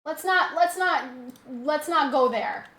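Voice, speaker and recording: A woman's voice: high-pitched, slow pace, a bit bright. A young adult woman streamer in casual live-stream chat, ranting heatedly and swearing a lot.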